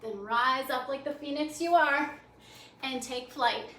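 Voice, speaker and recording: In a library program room, a yoga instructor with a high-pitched, fairly bright voice leads her class with quick, upbeat, encouraging cues, sounding a little breathless as she moves. She's captured from some distance in an echoey space, with a faint hum of noise beneath her.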